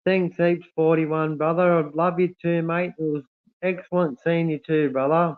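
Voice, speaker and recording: A man's voice: fairly high pitch, level tone, a little slow. A man hosting a casual livestream, reading out viewer comments and calling everyone mate and brother. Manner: warm, effusive, calls everyone mate and brother. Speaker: livestream host. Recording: tinny phone-like audio.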